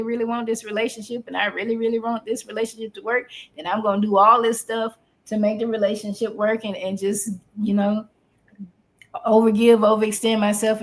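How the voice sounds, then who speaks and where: A woman chatting candidly on a podcast with a fairly high voice. She talks in a folksy, animated way, restarting her sentences often as she works through her thoughts. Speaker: podcast co-host. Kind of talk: candid casual chat.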